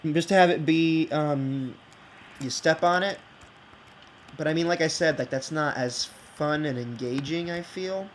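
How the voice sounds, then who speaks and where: A man thinking out loud while building in a block game, rambling and hesitant, with many fillers and restarts. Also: a little high, measured pace, slight background noise, poor audio. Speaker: game video creator. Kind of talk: casual think-aloud game commentary.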